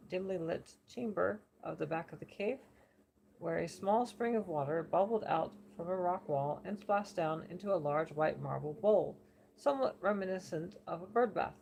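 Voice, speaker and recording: A woman reading a book passage aloud for elocution practice, steady and careful with occasional slips. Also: lowish voice, moderate pace, vocal fry, slight background noise, rough recording. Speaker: reader.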